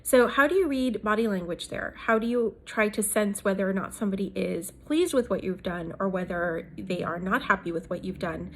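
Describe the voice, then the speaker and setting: A woman in her thirties, from South Asia, sharing her thoughts on leadership in a relaxed monologue. She speaks reflectively, often pausing on "um" and "uh" and restarting sentences. Her pitch sits in the middle range for a woman. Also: a little hiss or hum. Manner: thoughtful, many fillers and restarts. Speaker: host. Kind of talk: casual talk on leadership.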